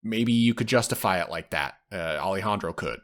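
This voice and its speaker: A man's voice: low voice, expressive, fairly quick. A man co-hosting a podcast, casually retelling film scenes and acting out the quoted lines. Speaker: podcast co-host. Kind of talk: casual film review chat.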